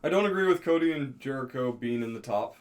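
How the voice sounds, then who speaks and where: A man's voice: mid-range voice, lively intonation, fast talker. A man co-hosting a podcast, chatting about wrestling with dry, teasing quips. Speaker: podcast co-host. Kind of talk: casual wrestling chat.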